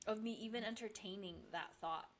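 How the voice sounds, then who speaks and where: A woman's voice: mid-range voice, fairly quick. A woman chatting casually as a podcast guest, laughing often and using many fillers. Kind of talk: casual chat.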